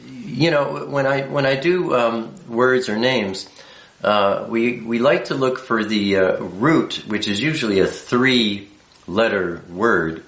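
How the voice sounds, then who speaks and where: A man teaching and explaining letters patiently, with a halting delivery full of fillers. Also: mid-range voice, fairly bright tone, roomy sound. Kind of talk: unscripted teaching talk.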